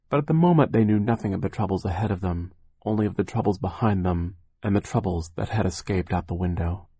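A man's voice: low-pitched, darkish tone, husky, no room sound. A man narrating an audiobook in a wry, mournful storytelling manner.

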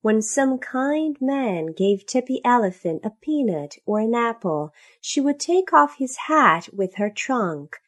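A woman reading a children's story aloud in a slow, expressive, sing-song manner. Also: mid-range voice.

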